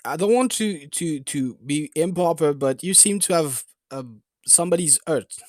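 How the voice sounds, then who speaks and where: A man's voice: a little high, moderate pace, darkish tone, no room sound, studio quality, close to an everyday voice. A man putting on a stammering Swedish aid worker. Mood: earnest. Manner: stammering, pleading. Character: nervous male Swedish Red Cross worker.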